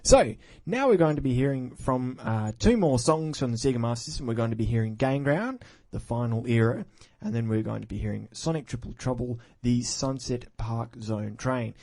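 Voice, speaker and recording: A man's voice: mid-range voice, moderate pace, gravelly, darkish tone, no echo. A man hosting a music podcast in a rambling, goofy, casual way full of self-mocking asides. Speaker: podcast host. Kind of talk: casual chat between music.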